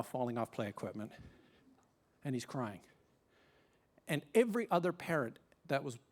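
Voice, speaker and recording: A man, preaching a sermon as pastor with animated, emphatic storytelling. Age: 50s. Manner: animated, emphatic storytelling with sudden rises in pitch and loudness.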